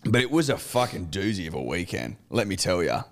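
A man's voice: sits low, big pitch swings, fairly quick. A man with an Australian accent, co-hosting a podcast in casual chat, with laid-back blokey banter and swearing. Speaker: podcast co-host.

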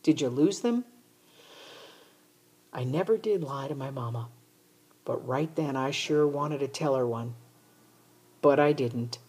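A woman reading a children's novel aloud in a steady first-person narration. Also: a bass voice, unhurried, long pauses, husky. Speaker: audiobook reader. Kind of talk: storybook narration.

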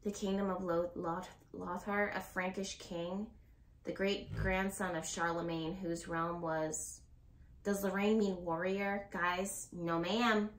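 A woman's voice: lowish voice, fairly even intonation, takes it slowly. A woman giving a casual tarot reading to her viewers. She talks in a rambling, blunt way, swears now and then, and laughs nervously. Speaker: tarot reader. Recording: roomy echo.

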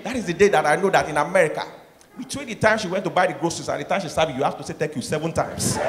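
A man from Nigeria with a Nigerian accent doing stand-up comedy, acting out voices and swinging from soft asides to shouted punchlines. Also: fairly high pitch, very fast. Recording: echoey hall, noisy live room.

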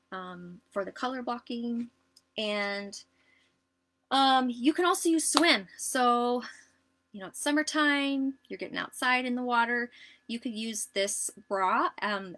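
A woman giving a casual live sewing tutorial, chatty and relaxed, with lots of ums and likes. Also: medium pitch. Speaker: sewing instructor.

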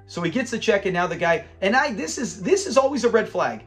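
Brief: male host, fairly high voice, lively recap with quoted lines, faint music under. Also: a little fast. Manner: animated retelling, acts out quotes, laughs often. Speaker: show review channel host. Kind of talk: casual episode commentary.

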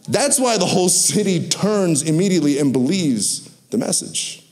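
Male pastor, sermon delivery, slightly higher voice, acts out the quotes. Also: unhurried. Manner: animated storytelling with acted-out quotes.

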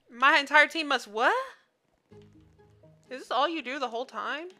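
Bright, lively woman gamer, slangy and playful. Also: sits high, unhurried, faint music behind. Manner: playful, slangy, trolling, laughs often. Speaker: gaming streamer. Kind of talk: casual gameplay commentary.

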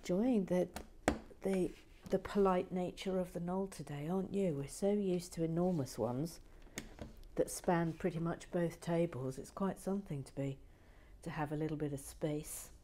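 A woman hosting a relaxed building vlog from her shed, reading comments with dry teasing humor and soft whispered asides. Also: fairly low pitch, moderate pace, a little hiss or hum. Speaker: vlog host. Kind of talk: casual chat while building and reading comments.

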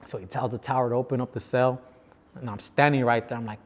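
A man's voice: medium pitch, brisk, long reverb tail. A man from Los Angeles, a guest telling prison stories in casual, slangy talk, acting out what others said. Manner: animated, slangy, acts out other people's lines. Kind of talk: casual storytelling.

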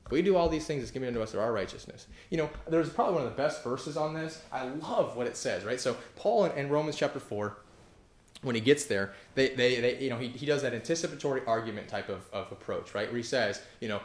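A man preaching a sermon as pastor, animated and emphatic, rising to loud peaks and acting out the voices of objectors. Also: medium pitch, fast, echoey room. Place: church hall.

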